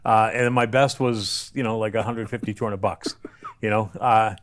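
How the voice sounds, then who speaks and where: A man's voice: fairly low pitch, steady tone, normal speed, slight background noise. A man, a former wrestler, telling rambling stories with crude jokes as a guest on a casual podcast. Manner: rambling storyteller, crude joking, restarts often.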